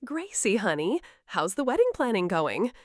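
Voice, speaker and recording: A loving older grandmother talks gently but plainly, read by a woman narrator. Her voice moves up and down with lively expression. The sound is dry and close. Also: medium pitch, normal speed, no echo, natural voice. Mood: tender. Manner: gentle, reassuring, plain-spoken.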